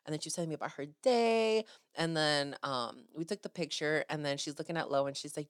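Young female podcast host, low-pitched, close and dry, chatty and effusive. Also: fairly quick, smooth, no echo. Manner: gushing, animated storytelling with acted-out quotes. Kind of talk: casual chat.

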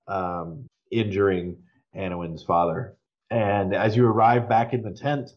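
A man narrating as game master, relaxed and unhurried, with many ums and restarts. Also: fairly low pitch, highs cut off.

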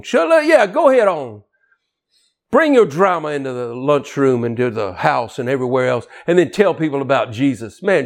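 A man preaching a sermon in a folksy, joking way, swinging from quiet low asides to loud shouting. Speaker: pastor.

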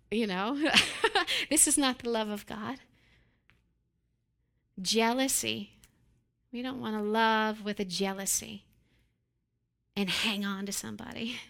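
A woman preaching a sermon, often breaking into quick laughs and acting out the voices of the people she describes. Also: a little high. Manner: acts out quoted voices with animated, laughing asides.

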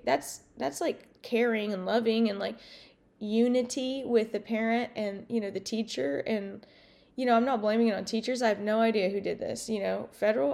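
Gravelly outspoken woman podcaster. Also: a little high, darkish tone. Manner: rambling and outspoken, swears freely. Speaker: podcast host. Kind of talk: casual podcast monologue.

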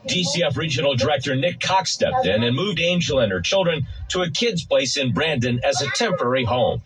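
A man reporting a local television news story in a measured broadcast delivery. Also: mid-range voice, expressive, fairly bright tone, poor audio.

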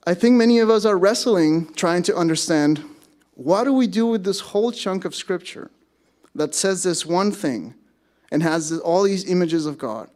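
A man's voice: high voice, lively intonation, normal speed, a little mellow. A man preaching a sermon to his congregation, conversational, with self-deprecating asides. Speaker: pastor. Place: church service.

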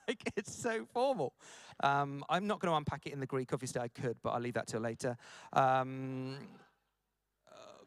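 A man preaching a conference sermon, lively and jokey, acting out the lines he quotes. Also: high voice, normal speed, dry recording.

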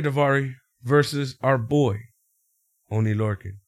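Guy chatting about wrestling, lively ups and downs, dry close sound. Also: moderate pace, no echo. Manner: animated, laughs often, acts out quotes in high voices. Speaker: podcast co-host recapping wrestling. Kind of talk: casual chat.

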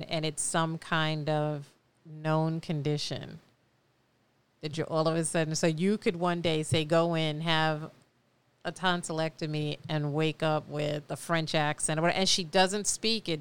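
A woman's voice: sits low, smooth. A woman with a New York accent, chatting casually and laughing easily as a co-host. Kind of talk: casual chat.

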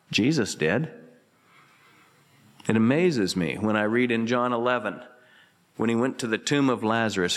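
A man preaching a radio sermon as pastor, earnest, swinging between emphatic lines and hushed, tender ones. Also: on the high side, long reverb tail. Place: church sanctuary.

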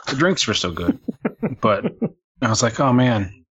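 A man's voice: medium pitch, expressive, a little slow, fairly bright tone, husky. A man in casual chat, telling a grumbling, wry story about his weekend. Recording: dull, lo-fi sound.

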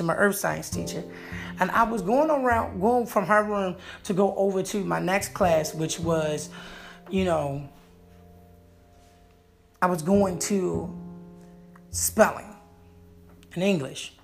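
Brief: a man spinning a funny personal story, playful and animated, with a gravelly edge. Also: high voice. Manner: animated, playful, jokey delivery.

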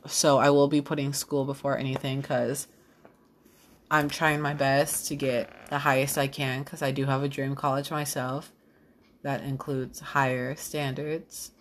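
A young woman hosting her own podcast, rambling casually with lots of fillers, tired late at night. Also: deep voice. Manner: rambling, self-deprecating, filler-heavy. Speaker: podcast host.

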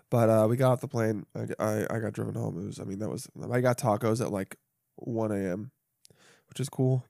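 A man's voice: mid-range voice, fast, a little mellow, dry recording, studio quality. A young man hosting a solo podcast, rambling and swearing freely, with self-mocking asides. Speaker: podcast host. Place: home.

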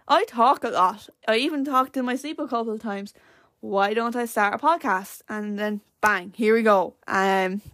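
This is a casual solo podcast from a teenage Irish host who rambles and uses plenty of fillers. She speaks at a medium pitch with a slightly bright voice, recorded with no echo.

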